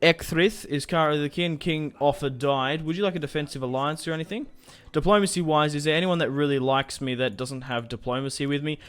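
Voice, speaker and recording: Smooth-voiced man thinking aloud over gameplay. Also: fairly high pitch, steady tone, fairly quick, few pauses, a bit bright. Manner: thinks aloud, rambling with fillers. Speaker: gaming YouTuber. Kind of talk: casual gameplay commentary.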